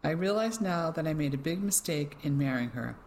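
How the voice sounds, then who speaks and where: Older stiff gentleman, clipped and self-pitying, put on by an audiobook reader; plain storybook reading. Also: mid-range voice, expressive, brisk, a little hiss or hum, natural voice. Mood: pleading. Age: 60s.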